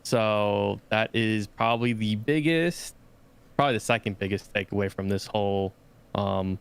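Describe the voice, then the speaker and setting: A man co-hosting a casual review podcast with a low, smooth voice. He talks in a measured way and pauses on fillers as he gathers his thoughts. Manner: measured, hesitant, many fillers.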